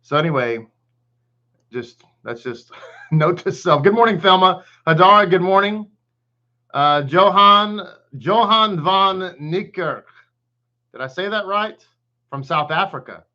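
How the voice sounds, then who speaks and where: A man's voice: high voice, lively intonation, a little slow, long pauses, pushed and bright, lo-fi sound. A man with a Texan accent, a rabbi giving a casual online Torah class, greeting viewers by name and chatting freely. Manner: chatty, greets viewers by name, hums and laughs between thoughts.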